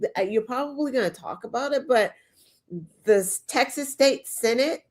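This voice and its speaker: A woman co-hosting a political talk show, emphatic and profane in casual conversation. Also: on the high side. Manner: emphatic, profane, agreeing quickly. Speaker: podcast co-host.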